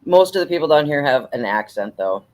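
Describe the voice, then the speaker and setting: A man's voice: a little high, very animated, brisk, a little mellow. A man from Minnesota with a Minnesotan accent, chatting casually and swearing freely, with frequent laughs. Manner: profane, laughing storyteller. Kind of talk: casual chat. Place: living in the US South.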